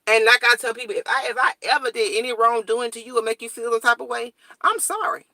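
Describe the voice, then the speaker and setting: A woman's voice: fairly high pitch, fast talker, no echo. A young woman vlogger, talking blunt and straightforward in a casual morning chat to her viewers. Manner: blunt, straightforward, animated storytelling.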